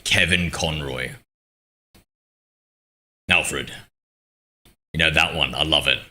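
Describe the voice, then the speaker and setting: This male game streamer has a deep, bright-toned voice and talks at a slow pace. In casual live-stream chat he rambles, makes self-deprecating jokes and reads the chat aloud, all through a streaming mic with noise suppression.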